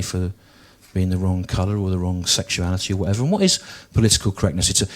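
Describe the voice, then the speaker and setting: A man in his forties from the English Midlands, performing stand-up comedy in a dry, deliberate way with frequent repetition. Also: sits low. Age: 40s.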